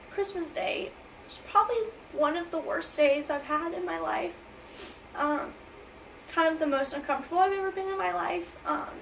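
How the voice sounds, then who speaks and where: A woman's voice: very high voice, creaky, a bit bright, far from the mic, slight background noise, low-quality recording. A young woman, rambling through an emotional storytime vlog with many fillers and restarts, near tears with her voice breaking. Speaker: vlogger.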